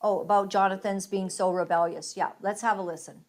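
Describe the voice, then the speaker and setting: A woman's voice: medium pitch, steady tone, brisk. A woman hosting a casual talk show, chatting conversationally as she leads the discussion and cues up clips. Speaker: host. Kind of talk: casual chat reacting to clips.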